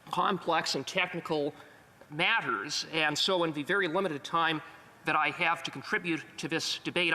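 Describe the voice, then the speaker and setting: A man's voice: a little high, sharp tone, big-room sound. A man, a member of parliament giving a formal, emphatic speech in a debate. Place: legislative chamber.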